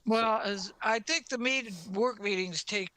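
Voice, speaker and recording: A woman's voice: a little high, unhurried, fairly bright tone. A woman co-hosting a casual talk show, speaking in an easygoing, hesitant way. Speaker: podcast co-host. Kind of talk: casual chat.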